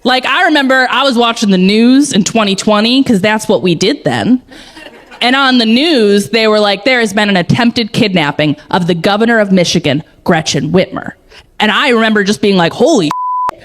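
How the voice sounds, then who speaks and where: A woman doing a stand-up comedy set on a club stage, telling stories and acting out the people in them. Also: mid-range voice. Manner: animated storytelling, acting out quotes.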